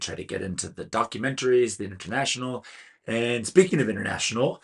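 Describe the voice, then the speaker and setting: A man's voice: lowish voice, creaky, a bit bright, husky. A man with a Californian American accent, giving a chatty, earnest solo film review and stumbling now and then over names. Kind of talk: casual solo video review.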